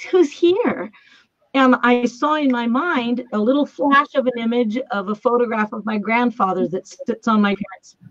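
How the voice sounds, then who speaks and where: A woman's voice: a little high, no echo. Chatty woman on a dull, dry call line. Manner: chatty, laughs often, acts out quoted voices. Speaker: guest. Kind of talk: casual storytelling over a remote call. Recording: dull lo-fi remote call audio.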